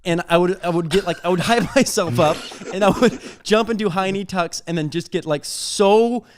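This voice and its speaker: A young man chatting casually as a podcast co-host, his voice a little higher than most. He rambles through anecdotes and fills every gap with "like.". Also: moderate pace. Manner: rambling, many "like" fillers, laughs through stories. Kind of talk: casual chat.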